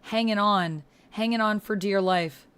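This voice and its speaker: A woman's voice: mid-range voice, measured pace, a bit bright, smooth. Woman streamer, casual gaming chat, reads out comments, encouraging replies. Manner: reads viewer comments aloud and answers them; encouraging, supportive.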